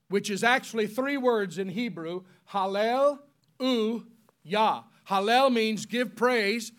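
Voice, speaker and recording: A man preaching a sermon, spelling words out slowly and leading the congregation in call-and-response, swinging from loud emphatic peaks to soft solemn tones. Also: high-pitched.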